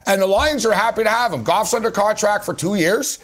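A man hosting a sports talk radio show, arguing his takes on football trades in an animated, rapid way. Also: sits high. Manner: animated, rapid, argumentative, keeps addressing his guest.

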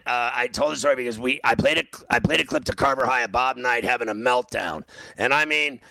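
A sports radio host tells a long, rambling story, stammering and restarting often, and gets loud when he acts out his own yelling. His mid-range voice is creaky, with no room sound and poor audio quality.

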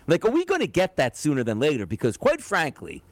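A man co-hosting a sports talk show, bantering casually and acting out imagined quotes in an animated way. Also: on the high side, a little fast, no room sound. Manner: animated, jokey, acts out quotes. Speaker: sports radio co-host.

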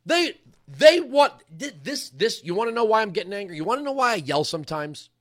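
A male talk show host giving an impassioned political commentary monologue, talking emphatically and rising at times into yelling. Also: high voice, very animated, brisk.

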